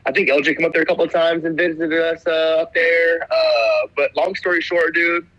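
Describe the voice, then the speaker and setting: Laid-back young man, bright dry voice. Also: fairly high pitch, fairly even intonation, moderate pace, no echo, muffled recording. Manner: laid-back storyteller, says "dude" constantly. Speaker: guest telling stories. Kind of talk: casual chat.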